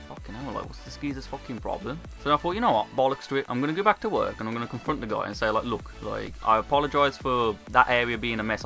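A young British man telling a story in a casual, sweary, animated way. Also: medium pitch. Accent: British English. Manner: brisk, animated, sweary retelling. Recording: faint background music.

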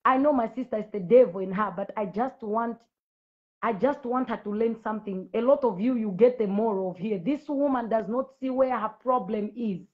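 A woman's voice: on the high side, normal speed, highs cut off. Confrontational Zambian woman preacher. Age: adult with school-age children. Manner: confrontational, preachy, repetitive challenges. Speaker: Christian preacher on a live video. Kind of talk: livestream address to viewers.

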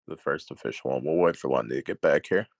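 Deep-voiced man hosting a podcast. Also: fast talker, gravelly, no echo. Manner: relaxed, laughs easily. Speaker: podcast host. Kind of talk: casual podcast chat.

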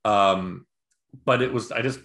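Over a video call from an echoey room, this male podcast co-host speaks a little slowly in a lowish register. It's casual movie-review chat: he rambles through a show, cursing, and retells scenes animatedly with impressions and acted-out quotes.

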